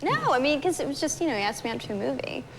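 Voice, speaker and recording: A woman's voice: sits high, sing-song, racing, a loud crowd. A young woman in her twenties from South Carolina, a guest on a talk show, chatting and laughing often. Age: 20s. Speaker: actress guest. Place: television studio. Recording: roomy studio hall with noise.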